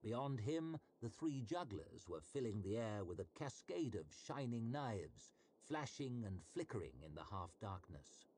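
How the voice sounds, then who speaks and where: Lively-voiced man reading fantasy. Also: mid-range voice, measured pace, few pauses, slight background noise. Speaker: narrator. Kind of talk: audiobook-style fantasy narration.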